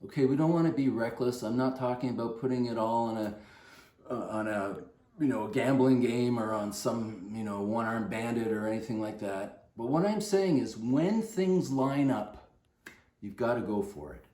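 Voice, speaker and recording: A man's voice: mid-range voice, normal speed, warm tone, roomy sound. An older man, a fitness coach, telling a rambling anecdote to the camera in a casual way, with many fillers and restarts.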